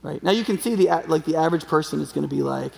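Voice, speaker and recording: Brief: chatty, humorous man preaching, fairly high voice with a gravelly edge, echoing hall. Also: very fast, darkish tone. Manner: conversational, joking, uses a live chicken as a prop. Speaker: pastor. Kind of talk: sermon. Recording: long hall reverb.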